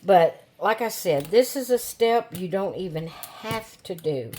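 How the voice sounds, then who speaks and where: A woman hosting a craft channel, talking casually to her viewers in an unhurried way, with many fillers and restarts. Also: fairly low pitch, expressive, darkish tone. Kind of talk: casual tutorial talk to viewers.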